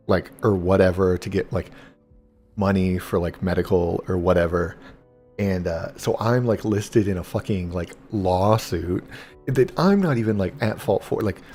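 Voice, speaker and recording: Young man, low voice, rambling profane anecdote, casual gaming chat, faint music underneath. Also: dark tone. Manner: rambling, profane, lots of "like" fillers. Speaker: gaming streamer. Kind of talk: casual storytelling while gaming.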